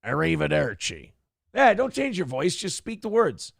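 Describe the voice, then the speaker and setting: A man's voice: high-pitched, very animated, normal speed, no echo, studio quality. A man from Minnesota hosting a casual commentary show, ranting sarcastically and swearing freely. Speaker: host.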